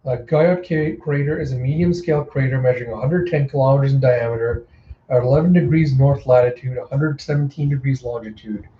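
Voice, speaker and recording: A man's voice: medium pitch, fairly quick, a little hiss or hum. A man reading a manga aloud in a casual readthrough, narrating the panels with a few slips. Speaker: reader. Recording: echoey room, dull lo-fi sound.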